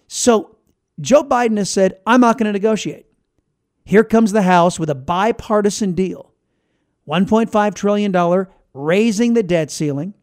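A man's voice: sits high, unhurried, a little mellow. A man hosting a political podcast, talking in a combative, sarcastic, emphatic way. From United States. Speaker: podcast host. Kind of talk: opinionated political talk.

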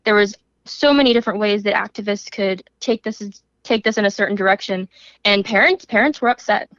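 A woman correspondent, a podcast guest, explaining her reporting briskly and with indignation. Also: medium pitch, a bit bright, no echo. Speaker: news correspondent. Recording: dry, dull remote audio.

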